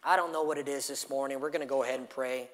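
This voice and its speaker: A pastor delivering a sermon, telling a story and swinging from loud emphatic phrases to hushed lines. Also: male voice, mid-range voice, fairly even intonation, fast talker. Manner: dynamic preaching, storytelling with acted quotes, swings from loud to hushed. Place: church sanctuary. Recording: long hall reverb.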